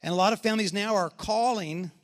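A man's voice: high voice, fast. A middle-aged man, a pastor, preaching a sermon and telling stories with emphatic repetition.

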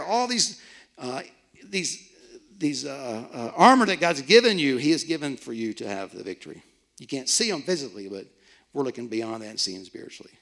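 A man's voice: big pitch swings, normal speed, gravelly, a bit bright. A man preaching a sermon, reading scripture and joking in asides, his voice rising and dropping sharply. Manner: preaching with big swings in pitch and volume, joking asides. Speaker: pastor.

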